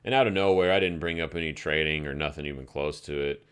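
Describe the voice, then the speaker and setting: Deep, smooth-voiced male stream host. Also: quick pace. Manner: rambling, laid-back, swears freely. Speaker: crypto trading livestream host. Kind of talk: casual live chart commentary and storytelling.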